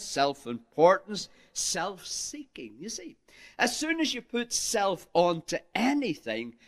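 A male preacher delivering a sermon with a lively, swooping voice that sits a little high for a man. He leans hard on key words, rising and falling with emphasis, and he calls out to his listeners as "my friends.". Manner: archaic King James phrasing.

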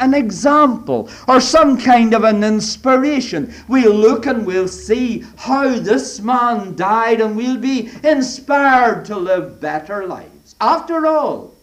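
A man preaching a sermon, moving from emphatic declarations to hushed whispers, using old-fashioned scriptural phrasing. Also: very high voice. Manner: dramatic swings from loud to whispered.

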